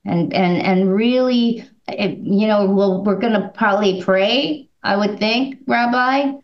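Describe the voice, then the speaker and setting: A woman's voice: mid-range voice, takes it slowly. A woman leading a bible study group, talking hesitantly with many restarts. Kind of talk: casual group discussion. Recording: echoey, dull room audio.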